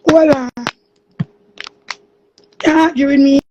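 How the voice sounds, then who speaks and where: A woman with a Jamaican accent in an angry, cursing monologue, often shouting. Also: high-pitched, fairly even intonation, slow pace, a little hiss or hum. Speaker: streamer. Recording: muffled lo-fi recording.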